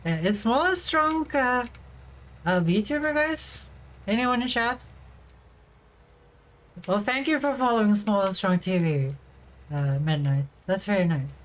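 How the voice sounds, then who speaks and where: A woman's voice: medium pitch, expressive, a little slow, pauses often, rough recording. A young adult woman livestreaming as a VTuber, chatting casually and giggling as she reads and answers her viewers' messages.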